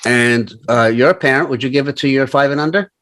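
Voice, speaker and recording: An older man co-hosting a casual talk show, telling stories in an animated, mock-ranting way. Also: medium pitch, fast talker. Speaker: podcast co-host. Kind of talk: casual chat.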